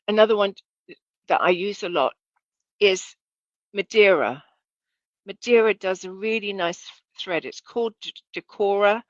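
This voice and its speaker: A woman's voice: mid-range voice, fairly bright tone, no echo, lo-fi sound. A woman giving a casual, chatty demonstration lesson as a sewing instructor, correcting herself and asking viewers to look.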